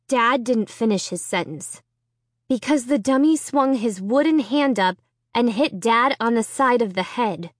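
A woman narrating a chapter book aloud in expressive storytelling. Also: unhurried, no room sound, clean studio sound. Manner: expressive storytelling with lively pitch. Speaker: audiobook reader. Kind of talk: scripted narration.

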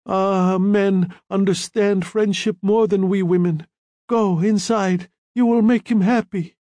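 A woman's voice: mid-range voice, steady tone, takes it slowly, dark tone, no room sound, voice pushed up, lightly acted. A man voicing a stout older woman who babbles through tears, wailing her thanks. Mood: tearful pleading. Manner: sobbing, wailing pleas.

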